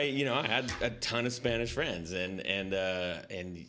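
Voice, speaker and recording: A man's voice: low voice, moderate pace, background noise. A man from Southern California hosting a podcast in casual chat, laughing and often restarting his sentences. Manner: laughing, self-interrupting, restarts. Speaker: podcast host.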